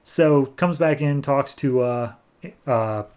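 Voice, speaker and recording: A man's voice: mid-range voice, takes it slowly, a little mellow, clear, resonant tone. A man hosting a comic book podcast, walking through a story in a loose, rambling manner. He fills his sentences with "like" and talks in an ordinary mid-range voice. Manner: loose and rambling, heavy use of "like". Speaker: podcast host. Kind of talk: casual comic book recap.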